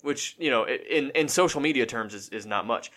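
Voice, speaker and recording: A man's voice: medium pitch, fairly quick, a bit bright. A man co-hosting a casual podcast, talking in a rambling way with many restarts and fillers. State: has the hiccups. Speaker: podcast co-host.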